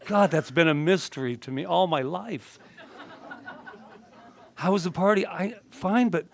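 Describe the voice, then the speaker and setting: A male minister giving a casual, joking sermon and chatting with his congregation. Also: sits high. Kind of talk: conversational sermon.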